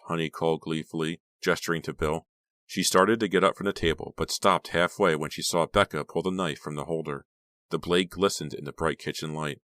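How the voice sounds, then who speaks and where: A man's voice: extremely low pitch, a bit bright, no echo, studio quality. A man narrating a horror novel as an audiobook, in a dramatic, suspenseful reading. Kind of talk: scripted narration.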